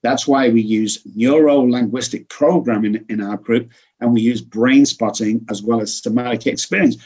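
Male interview guest, breathy rough tone, earnest and explanatory, mid-range voice. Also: medium pitch, moderate pace, a little mellow. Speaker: addiction recovery guest. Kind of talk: conversational interview.

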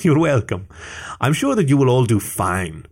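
A jovial older otter dad, affectionate and expansive, with a husky, raised voice, as a man puts him on. He warmly throws in Italian phrases in an audiobook story. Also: medium pitch, sing-song, moderate pace, voice pushed up. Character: older male otter father, warm and jovial.

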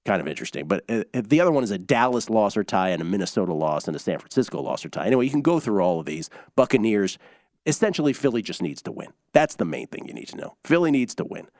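Male sports radio host, low and animated, runs through stats in a loose ramble, dry close sound. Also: fast, dry recording.

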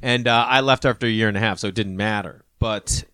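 A man's voice: on the low side, brisk, bright, forceful tone, clear, resonant tone, no echo. A man in his thirties or forties, a comedian hosting a podcast, chatting casually and rambling as he acts out the people he quotes. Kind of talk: casual conversation.

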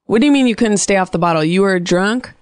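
A woman hosting a comedy call-in podcast, teasing her callers with crude, deadpan jokes. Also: medium pitch, fast talker, smooth. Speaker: podcast host. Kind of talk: casual comedic phone-in chat.

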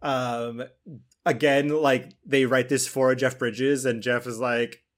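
A man hosting a film podcast in loose, rambling chat at a middle pitch. He halts, restarts and swears offhandedly as he builds his points. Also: flat delivery. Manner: rambling, halting, casual swearing. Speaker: podcast host. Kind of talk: casual chat.

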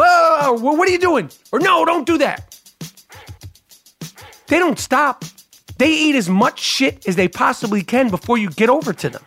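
Profane, animated man ranting on a podcast. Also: high-pitched. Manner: profane, animated, mock-outraged. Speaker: podcast host. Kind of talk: solo comedic podcast rant.

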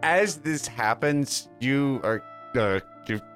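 A man plays a tabletop game, joking in an offhand way. His pitch moves in a lively way. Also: slow pace, faint music behind. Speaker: player.

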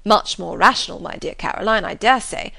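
Woman voicing an easygoing young gentleman, breezy, good-humoured. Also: mid-range voice, animated, fairly quick, gravelly, heavily acted.

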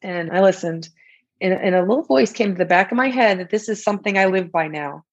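Woman guest, husky chatty delivery, lo-fi dull podcast sound. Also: mid-range voice, fairly quick. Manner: chatty, laughs often, frequent restarts. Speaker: guest author and coach. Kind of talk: casual podcast interview.

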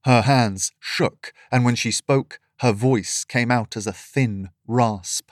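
A man reading a fantasy story aloud in steady, measured scripted narration. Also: medium pitch, dry recording, studio quality.

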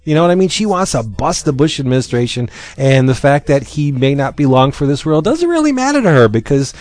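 With no echo in the recording, a man of medium pitch speaks a little fast. In a casual podcast chat, he animatedly retells a comic, voicing its lines and filling gaps with many fillers.

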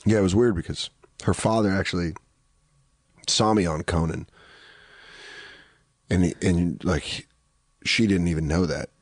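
A man guesting as a comedian, telling relaxed stories about his life with quoted asides. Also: low-pitched, unhurried, long pauses, no echo, studio quality. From New York. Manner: laid-back storytelling with quoted asides. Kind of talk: casual chat.

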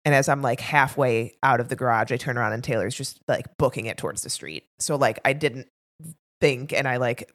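A woman co-hosting a podcast, chatting casually and telling expressive stories. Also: very deep voice, fairly quick. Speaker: podcast co-host. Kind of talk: casual chat.

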